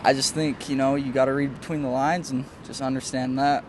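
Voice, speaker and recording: A man's voice: medium pitch, level tone, fairly quick. A man on the street earnestly explaining his opinion, often saying "you know". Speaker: passerby giving his view. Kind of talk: casual opinion talk. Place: outdoors on a city street. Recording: faint street traffic noise.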